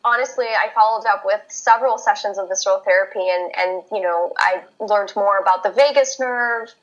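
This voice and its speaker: A woman physical therapist, a podcast guest, telling a personal story in casual chat, lively and laughing as she acts out her own thoughts. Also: medium pitch, brisk, lo-fi sound.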